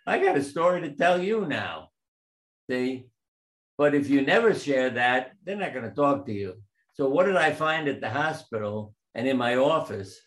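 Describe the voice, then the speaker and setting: A man's voice: medium pitch, low-quality recording. An older man, a retired surgeon, telling stories in an interview and acting out the voices of the people he quotes. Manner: animated anecdotes, acts out quoted voices. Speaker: guest surgeon and author. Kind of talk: storytelling interview.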